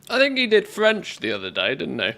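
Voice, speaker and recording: A man's voice: on the high side, huge pitch swings, brisk, creaky, sharp tone. A man streaming a game live, thinking aloud and chatting casually with his viewers. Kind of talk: casual live-stream commentary while playing.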